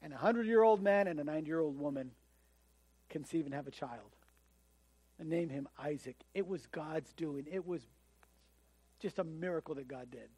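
A man's voice: a little high, moderate pace, pauses often, a little mellow, slightly rough, dry recording. A man preaching a sermon in a conversational way, often acting out the voices of the people he quotes. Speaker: pastor.

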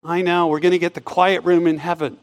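A man preaching a sermon in a church, swinging between loud emphatic lines and hushed, drawn-out phrases. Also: a little high, flat delivery. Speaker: pastor.

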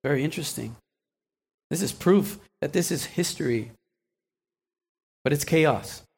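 A man's voice: fairly high pitch, unhurried, vocal fry, a little mellow, breathy edge. A man preaching a sermon in a conversational way, asking the listeners questions and acting out small asides, often restarting and repeating words.

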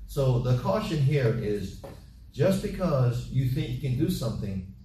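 Male preacher, mellow dark tone, repetitive emphatic delivery, picked up off mic in an echoey room. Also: mid-range voice, big pitch swings, a little slow, distant mic, a little hiss or hum. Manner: repetitive, emphatic exhortation with acted-out party chatter. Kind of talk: sermon. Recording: roomy echo from off mic with faint ambience.

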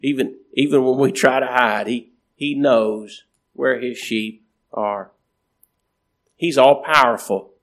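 A man preaching a sermon in a slow, repetitive cadence, with emphatic rises and phrase endings that trail off quietly. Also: medium pitch, steady tone.

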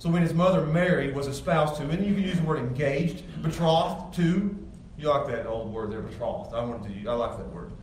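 A man's voice: on the high side, moderate pace, few pauses, darkish tone, slight background noise. A male pastor giving a sermon, talking to the congregation in an emphatic, conversational way with frequent restarts. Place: church sanctuary with congregation. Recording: echoey room, far from mic, faint ambience.

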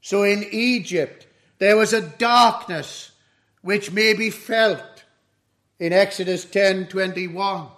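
A man preaching an expository sermon in a measured, solemn way. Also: high-pitched, a bit bright. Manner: slow, measured, solemn doctrinal delivery.

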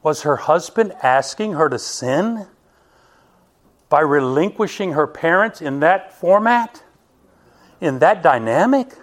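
A man's voice: fairly high pitch, expressive, takes it slowly, long pauses. A middle-aged man preaching a sermon as pastor, emphatic and firing rhetorical questions at his congregation.

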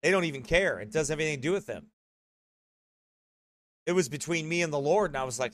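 A man's voice: a little high, animated, normal speed, long pauses, fairly bright tone. A man preaching a sermon in a conversational, earnest way, often correcting himself.

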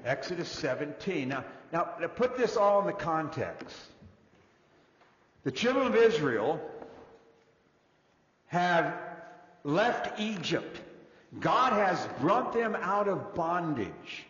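A man preaching a sermon in an animated way, his delivery moving between loud and hushed. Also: fairly high pitch, slow pace, long pauses. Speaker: pastor. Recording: dull echoey hall recording.

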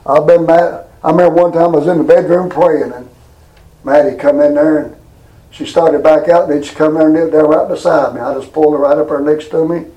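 A preacher man, older, with a voice pitched unusually high. He preaches in a folksy, colloquial way and stretches scripture out slow and emphatic. It's a down-home sermon delivered from the pulpit. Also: steady tone, warm tone, echoey room, dull audio.

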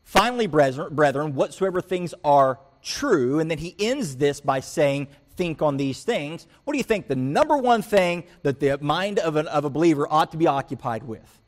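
A man preaches from the pulpit, his voice sitting a little high for a man. He tells everyday stories with animation, dropping low and quiet for asides and jumping up loud when he acts out his own frustration. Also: normal speed, few pauses. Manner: animated storytelling, acts out quoted voices and rants. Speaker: pastor. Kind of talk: sermon.

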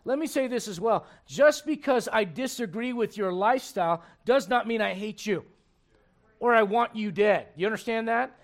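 A man preaching a sermon, his voice pitched high for a man. He talks in an emphatic, conversational way and keeps asking the congregation rhetorical questions. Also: moderate pace.

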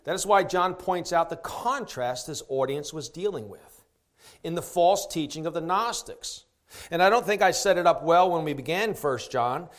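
A man preaching an expository sermon, asking rhetorical questions and slowing down to stress key phrases. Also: sits high. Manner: emphatic, slows down to stress key words.

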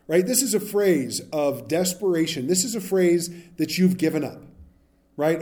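Very animated yet a little slow, this pastor's slightly high voice carries a warm tone. He preaches conversationally, asks "right?" again and again, and acts out the people in the Bible story.

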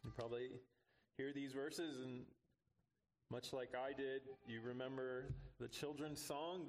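A man's voice: mid-range voice, fairly even intonation, normal speed. A man preaching a sermon as pastor, earnest with touches of light humor, building to emphatic rises on key phrases.

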